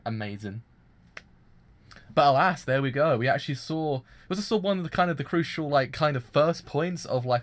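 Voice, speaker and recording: A man streaming a live anime reaction, gushing and excitable, with many restarts and fillers. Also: mid-range voice. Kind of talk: casual live reaction commentary.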